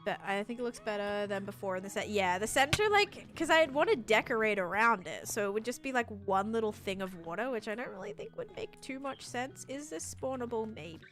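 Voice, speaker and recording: A woman's voice: fairly high pitch, sing-song, fairly quick, hardly any pauses, fairly bright tone, faint music behind. A woman from Australia with an American accent that has Australian traces, chatting casually on a livestream while building in a game, rambling with lots of fillers.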